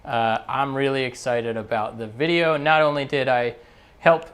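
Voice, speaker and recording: A man's voice: medium pitch, normal speed, smooth. Laid-back guy cracking jokes on a livestream, normal mid voice. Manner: relaxed, joking. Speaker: co-host and husband. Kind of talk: casual livestream chat.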